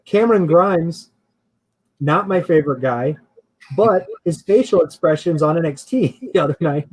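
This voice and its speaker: A man's voice: a little high, animated, moderate pace, darkish tone, breathy edge, rough recording. A man co-hosting a casual chat show who laughs often and hedges his opinions as he rambles along. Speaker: podcast co-host.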